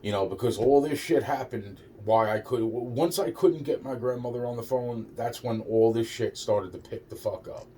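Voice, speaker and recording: Here a man's dark, mid-range voice moves at a moderate pace with hardly any pauses. The vlogger rambles on about personal matters, agitated and repeating himself, cursing a lot and starting sentences over. Faint background noise surrounds the distant-mic recording.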